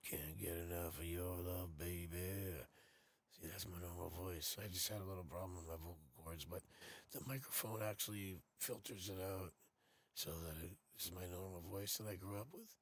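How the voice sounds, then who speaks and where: A man doing a deep, slow, seductive crooning voice as a smooth ladies' man.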